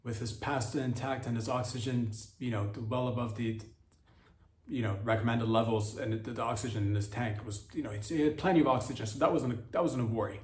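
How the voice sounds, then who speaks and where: A man's voice: mid-range voice, steady tone, brisk, a little mellow. Rambling crude male podcast comic. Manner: rambling, crude, many fillers and restarts. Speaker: podcast host. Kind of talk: rambling comedic monologue. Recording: roomy echo.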